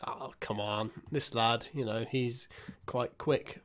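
A young man giving casual, self-mocking commentary while playing a football management game, muttering asides and breaking into excited outbursts. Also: mid-range voice, measured pace. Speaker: gaming YouTuber.

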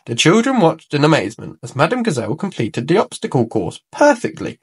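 A man reading a children's picture book aloud, his fairly high voice bouncing through lively rises and falls. The delivery is expressive and warm-hearted in pace, made for young listeners. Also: brisk, hardly any pauses, breathy edge. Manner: animated, expressive. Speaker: storyteller.

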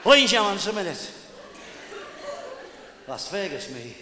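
A man's voice: high voice, sing-song, normal speed, background noise. A man, a singer and impressionist, chatting emotionally to a live audience between songs on a concert hall stage. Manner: emotional, chatty, self-mocking.

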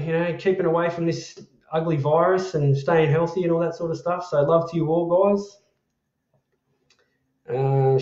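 Aussie bloke chatting on a livestream, matey and sweary, echoey room, kinda muffled. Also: male voice, on the high side, darkish tone. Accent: Australian. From Australia. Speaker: livestream host. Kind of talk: casual live chat reading viewer comments.

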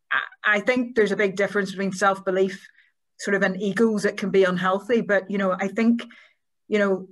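Northern Irish woman, flat earnest delivery. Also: medium pitch. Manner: earnest, self-deprecating. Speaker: panellist journalist. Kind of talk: reflective panel talk.

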